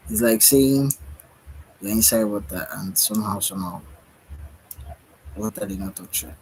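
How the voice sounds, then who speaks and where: A man's voice: on the low side, a little mellow, slight background noise, low-quality recording. A tired man giving a musing spiritual monologue late at night, sighing and yawning as he talks. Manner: slow, musing, with sighs and yawns. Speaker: spiritual speaker.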